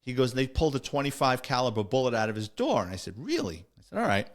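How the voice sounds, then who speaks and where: A man's voice: medium pitch, animated, fast talker. Blunt New man telling stories. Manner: streetwise, blunt, matter-of-fact storytelling. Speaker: podcast host, retired police officer. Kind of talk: casual storytelling.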